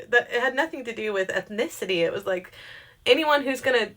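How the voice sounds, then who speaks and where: Chatty young woman telling a story. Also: normal speed. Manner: chatty, animated, swears freely, quotes herself in pitched-up voices. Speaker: storyteller vlogger. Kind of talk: casual storytime monologue.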